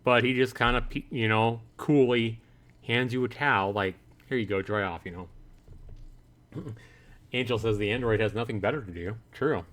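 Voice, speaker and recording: A man streaming a visual novel, reading the story aloud and chatting to viewers about it, acting out his own reactions in a higher, louder voice. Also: normal speed, pauses often. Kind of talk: livestream commentary, reading game text aloud.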